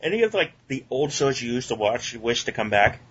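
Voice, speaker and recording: Husky, giggly young man host. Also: mid-range voice, very animated, brisk, a bit bright. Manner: eager, giggly, casual. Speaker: podcast host. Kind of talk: casual chat. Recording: dull lo-fi recording.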